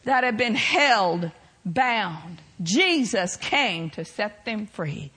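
A woman preaching a sermon, swinging between loud shouted lines and soft hushed ones. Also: medium pitch, big pitch swings, very slow, slightly rough.

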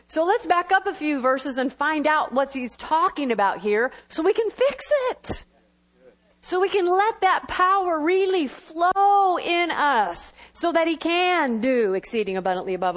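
A woman preaching a sermon in a high, bright voice. She talks in quick bursts and breaks off for laughing asides. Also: expressive.

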